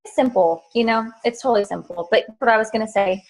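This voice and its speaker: A woman's voice: on the high side, fast, a little mellow, poor audio. A woman hosting a casual team training on a video call, direct and practical.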